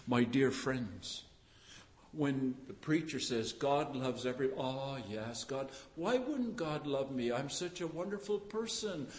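A man preaching a sermon with fervent emphasis that builds to loud, emphatic peaks. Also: medium pitch, in a large hall.

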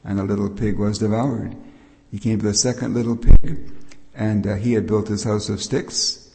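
A man's voice: lowish voice, fairly even intonation, normal speed, creaky, noisy background. An older man giving a patient, explanatory Bible teaching sermon as a preacher. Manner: explanatory, patient, with frequent restarts. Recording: long reverb of a hall.

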